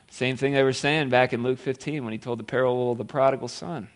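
A man's voice: mid-range voice, fast, hardly any pauses. A man preaching a sermon, retelling a story in a playful way with laughs and acted-out quotes. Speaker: pastor.

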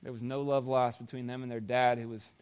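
Male preacher, mid-pitched voice, storytelling sermon, dramatic, conversational asides. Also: little pitch movement, fairly quick, a little mellow, clean tone.

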